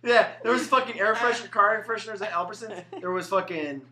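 Young man, high voice, bright, profane laughing anecdotes, echoey room. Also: quick pace, crowd noise. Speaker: friend in group chat. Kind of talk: casual chat among friends.

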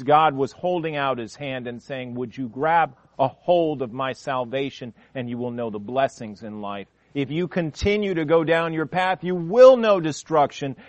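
A man with a high voice preaches a sermon in a church, dramatic and shifting between loud outbursts and hushed lines. He acts out quoted voices as he goes. The sound is dry and close. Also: dry recording. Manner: dramatic, acts out quoted voices, wide swings in pitch and volume. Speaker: pastor.

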